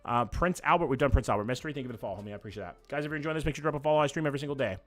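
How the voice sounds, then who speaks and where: A man, chatting casually and quickly as he reacts to places live on stream and talks to his chat. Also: medium pitch, lively intonation, soft background music. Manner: fast, casual, swears freely.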